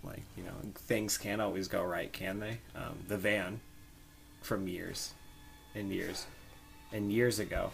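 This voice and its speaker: A young man co-hosting a podcast, telling a rambling made-up story with lots of fillers and pauses. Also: low-pitched, fairly even intonation, gravelly, slight background noise. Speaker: podcast co-host. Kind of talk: casual improvised storytelling.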